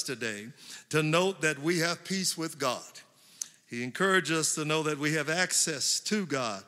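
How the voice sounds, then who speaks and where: A man pastor preaching a sermon, building to emphatic slow stresses. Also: fairly high pitch, lively intonation, bright, forceful tone. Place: large church hall. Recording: long church hall reverb.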